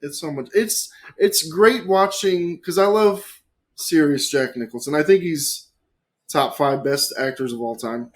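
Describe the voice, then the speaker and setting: A man chatting casually as a podcast guest, animated and swearing freely, with big swings between loud and quiet. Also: on the high side, a little slow.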